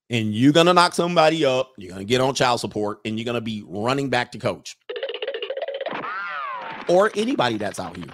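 A man's voice: mid-range voice, a little hiss or hum. A man hosting a livestream show, giving a mocking, profane monologue full of repeated rhetorical questions.

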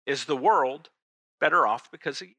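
Bright-voiced man preaching a sermon. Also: medium pitch, no echo. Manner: conversational, rhetorical questions, emphatic pauses. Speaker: pastor.

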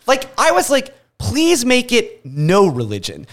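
A man's voice: very high-pitched, measured pace, hardly any pauses. Sarcastic guy cohosting a movie podcast, swears a lot, voice jumps all over. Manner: animated, profane, sarcastic. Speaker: podcast co-host. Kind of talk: casual movie review chat.

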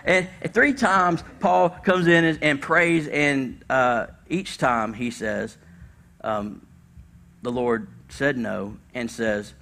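A male pastor giving a conversational, animated sermon in church, with casual slang and sudden bursts of emphasis. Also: medium pitch, slow, creaky.

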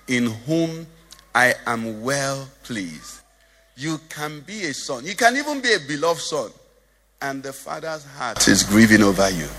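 A man's voice: medium pitch, fairly bright tone, slightly rough, in a large hall. A male pastor preaching a sermon, lilting in a sing-song way and asking the congregation questions. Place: church.

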